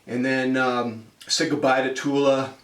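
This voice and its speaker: A man's voice: medium pitch, little pitch movement, unhurried, fairly bright tone, recorded from a distance. Chatty storytelling man, roomy sound. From United States. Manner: chatty, acts out quoted people. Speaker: vlogger telling a travel story. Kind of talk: casual spoken storytelling.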